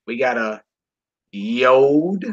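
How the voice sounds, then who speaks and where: A man teaching a Hebrew reading class in a relaxed, informal way, talking to students while he works the screen. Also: mid-range voice, very slow. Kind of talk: casual online class lesson. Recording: lo-fi recording.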